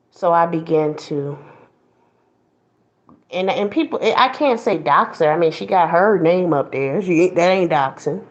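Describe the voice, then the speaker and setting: A woman's voice: fairly low pitch, animated, unhurried, muffled recording. A woman host giving a blunt, preachy commentary monologue, mocking others in put-on voices.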